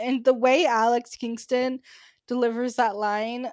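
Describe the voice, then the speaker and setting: A woman co-hosting a podcast in loose, chatty talk, her speech full of "like" fillers. Her voice sits a little high, recorded close and dry with no room sound. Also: little pitch movement, a little slow, a little mellow, dry recording. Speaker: podcast co-host. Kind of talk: casual chat.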